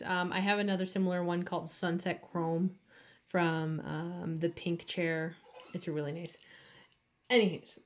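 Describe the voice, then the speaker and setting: A woman doing nails in her home studio, talking through each step in a casual, chatty way with lots of fillers. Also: lowish voice. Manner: slow, chatty, with many fillers. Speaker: nail artist. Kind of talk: casual tutorial chat.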